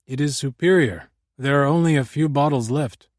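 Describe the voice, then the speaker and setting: A man voicing a hurried middle-aged wine buyer with a strong German accent, in an audiobook. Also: medium pitch, no room sound, clean studio sound, voice pushed up, close to an everyday voice. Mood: insistent. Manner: hurried, clipped.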